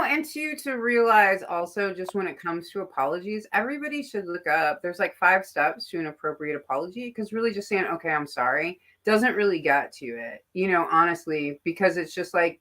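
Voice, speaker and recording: Host, woman, lowish bright voice, chatty and animated, acts out the lines she quotes. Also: brisk, few pauses. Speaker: tarot podcast host. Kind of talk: casual chat.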